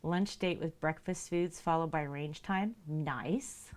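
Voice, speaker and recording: A woman's voice: slow pace, a little mellow. A woman livestreaming who chats casually with viewers, laughs often, reads their messages aloud and talks to her cats in a sing-song voice. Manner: goes high and sing-song when talking to her cats. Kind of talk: casual live-stream chat.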